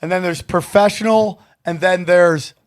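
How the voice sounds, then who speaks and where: A middle-aged man with a high voice hosts a podcast in casual chat. He gets excited, swears freely and acts out both sides of the conversations he retells. The studio sound is dry and close. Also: moderate pace, dry recording. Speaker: podcast host.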